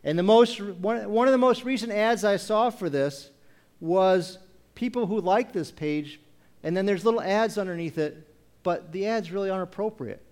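A man preaching a sermon, posing repeated rhetorical questions and reading scripture aloud, slowing down to stress key phrases. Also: high voice, a little mellow. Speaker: pastor.

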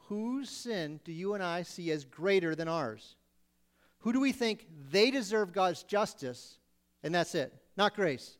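A man preaching a sermon, acting out pleading voices with sudden loud bursts. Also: high-pitched, expressive, unhurried.

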